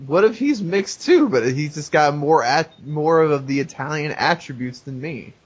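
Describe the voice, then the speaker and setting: A man argues his side as a podcast co-host, his husky voice swinging up and down and swearing freely. The audio is muffled and lo-fi. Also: fairly high pitch, expressive, moderate pace. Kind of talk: casual chat.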